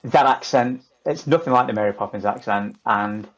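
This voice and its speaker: A man's voice: medium pitch, normal speed, poor audio. Chatty man with a Lancashire accent. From northern England. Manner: chatty, swearing, jokey. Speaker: podcast guest. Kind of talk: casual chat.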